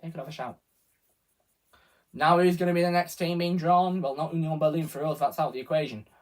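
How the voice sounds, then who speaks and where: A man's voice: fairly high pitch, steady tone, fairly quick. A man giving rambling live reaction commentary as a football fan streamer, often correcting himself. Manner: rambling, self-correcting, partisan fan talk.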